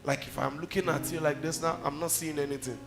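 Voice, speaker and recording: A man's voice: fairly high pitch, steady tone, quick pace, vocal fry, over music. A man with a Nigerian accent preaching a sermon, telling stories and firing off rhetorical questions with emphasis.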